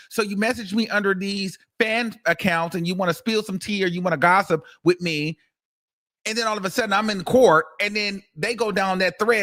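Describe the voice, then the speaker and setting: A high-voiced man hosts a laid-back commentary show, recounting a courtroom story with lively, foul-mouthed energy and sudden bursts of laughter.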